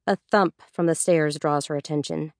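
A woman narrates a story with a steady, even delivery. Her voice is fairly low for a woman. The recording is dry and close, with no room sound. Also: normal speed, no room sound. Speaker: audiobook narrator. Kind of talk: scripted narration.

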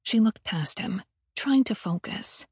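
A woman reading an audiobook aloud in an even, measured storytelling manner. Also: medium pitch, breathy edge, no echo, clean studio sound. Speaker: audiobook narrator. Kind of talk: scripted audiobook narration.

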